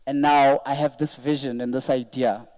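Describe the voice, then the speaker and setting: A man's voice: medium pitch, level tone, moderate pace, darkish tone, low-quality recording. A man, the event organizer, giving an earnest and emotional thank-you speech to an audience at a live event. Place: event venue, speaking to an audience.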